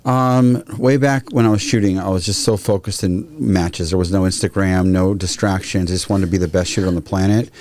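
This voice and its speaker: A man, a guest firearms trainer, telling stories in a casual, animated way and acting out quotes. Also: deep voice, fairly quick, hardly any pauses. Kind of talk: casual storytelling.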